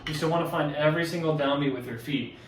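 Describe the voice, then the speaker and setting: A drumline instructor with a voice on the high side talks fast as he casually walks through drumline audition exercises, loose with fillers and self-corrections. The mic sits at a distance in an echoey room, and there's heavy background noise.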